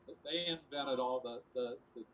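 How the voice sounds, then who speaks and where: Steady fact-giving man. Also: medium pitch, moderate pace, highs cut off. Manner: factual, steady, with fillers. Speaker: podcast guest with facts. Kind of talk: casual informative chat.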